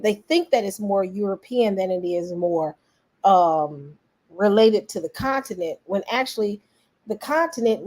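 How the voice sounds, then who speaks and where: A woman's voice: mid-range voice, a little mellow. An American woman giving an earnest opinion monologue, repeating her points for emphasis in casual, folksy slang. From United States. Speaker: vlogger.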